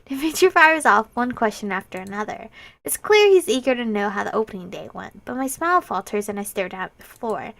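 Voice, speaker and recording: Giggly, animated young woman reading a game. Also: mid-range voice, brisk, vocal fry. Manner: expressive, giggly, reacts aloud. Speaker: let's-play host. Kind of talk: reading a visual novel aloud with reactions.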